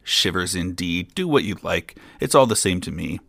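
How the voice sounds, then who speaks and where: A man's voice: low-pitched, animated, moderate pace, creaky, a bit bright, dry recording, heavily acted. A man voicing a stern, exasperated father who scolds his foolish son.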